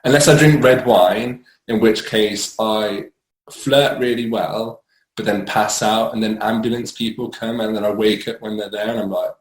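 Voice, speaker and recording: A man's voice: lowish voice, steady tone, moderate pace, roomy sound, low-quality recording. A young man telling his own addiction story candidly, rambling with many fillers and restarts and laughing at himself. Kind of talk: candid personal monologue.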